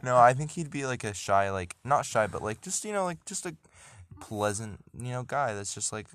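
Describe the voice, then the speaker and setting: A man's voice: medium pitch, animated, moderate pace, fairly bright tone, no echo. A young man in casual chat, rambling with many restarts and often laughing. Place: blanket fort.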